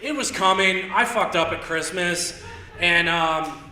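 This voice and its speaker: Speaking a little slowly in a high-pitched voice, a young man from Indiana does stand-up in a theater with a live audience. His loose storytelling rambles, mimics stuttering, and lands on abrupt shouted punchlines, picked up by a handheld mic with roomy theater acoustics.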